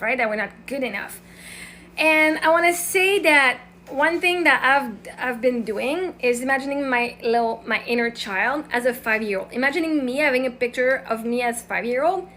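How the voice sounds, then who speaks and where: A woman's voice: high voice, sharp tone, a little hiss or hum. A middle-aged woman hosting a conversation, talking earnestly and encouragingly and often checking in with "right?". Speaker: host. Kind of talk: casual conversational advice.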